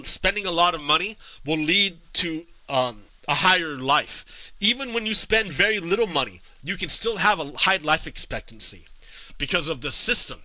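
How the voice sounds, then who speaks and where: A male streamer giving casual political commentary to his live chat, halting with frequent repeats and restarts. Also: a little high, pushed and bright, no room sound, poor audio.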